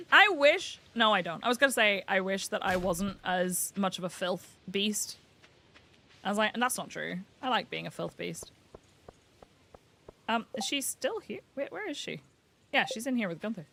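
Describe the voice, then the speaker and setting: A woman's voice: mid-range voice, expressive, a little slow, gravelly, pauses often, bright, forceful tone, a little hiss or hum. Giggly British woman streaming a game. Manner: giggly, chatty, self-mocking. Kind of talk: casual game livestream chat.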